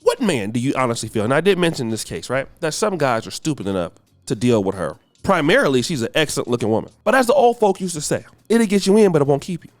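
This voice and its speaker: A man from the United States hosting a podcast, delivering a ranting commentary monologue in a preachy, emphatic way that swings from shouting to muttering. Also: medium pitch, sing-song, fast, hardly any pauses, no echo. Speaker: podcast host.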